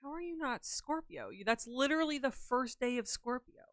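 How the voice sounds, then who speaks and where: A woman's voice: high voice, expressive, moderate pace, fairly bright tone, no echo, clean studio sound. A young woman livestreaming, chatting casually and playfully with her viewers in a rambling way. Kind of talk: casual chat with live viewers.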